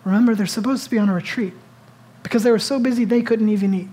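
A pastor delivers a sermon in a relaxed, conversational voice. The delivery is animated and full of questions put straight to the congregation. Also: mid-range voice, fast.

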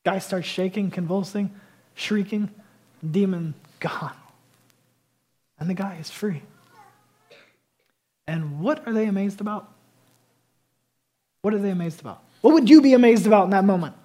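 Husky-voiced man preaching a passionate sermon. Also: high voice, normal speed, pauses often. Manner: passionate, swings between loud emphasis and quiet intensity. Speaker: pastor.

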